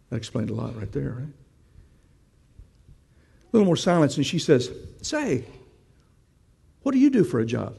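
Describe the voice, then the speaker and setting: A man's voice: mid-range voice, animated, moderate pace, gravelly, pauses often, dark tone, slightly rough, in a large hall. A man preaching a sermon, telling a story and asking the congregation questions in a conversational way.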